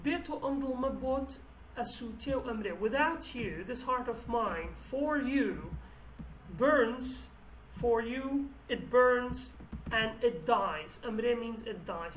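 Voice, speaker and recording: A woman's voice: a little high, lively intonation, slow. A woman from Kurdistan with a Kurdish accent, teaching a language lesson and explaining words with frequent restarts. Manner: explanatory, with many restarts and fillers. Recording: roomy with faint background noise.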